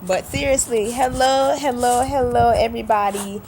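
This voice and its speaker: A woman's voice: on the high side, normal speed, vocal fry, a little mellow, slight background noise. A woman from Saint Kitts with a Kittitian accent, chatting casually to the camera in an accent tag video. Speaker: vlogger.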